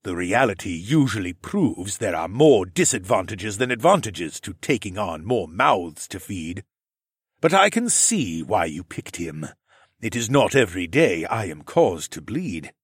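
A man voicing a formal, aloof male dinosaur-man who speaks in stiff, measured phrases. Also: fairly low pitch, big pitch swings, slightly rough, no echo, studio quality, exaggerated voice.

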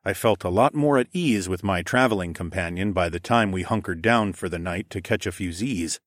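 A man reads a first-person story aloud in a steady, measured way, his voice sitting fairly low. The recording is dry and close, with no room sound. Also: no echo. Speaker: audiobook narrator. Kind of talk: scripted first-person narration.

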